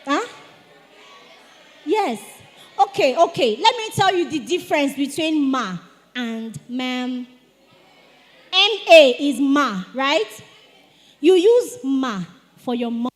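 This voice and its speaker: A woman giving a lively etiquette talk to teenagers at a church retreat, calling on the audience to answer. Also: high-pitched, slow pace, pauses often. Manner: animated, asks the audience to respond. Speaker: speaker at a teen church retreat. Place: church hall. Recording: long hall reverb.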